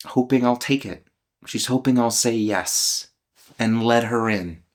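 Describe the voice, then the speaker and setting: A man in his fifties speaks in a candid, searching way, putting questions to himself and answering them aloud. His talk is earnest and emotional, open and vulnerable, and now and then broken by soft laughs. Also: fairly low pitch. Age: 50s. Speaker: channel host. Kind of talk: reflective spoken self-inquiry.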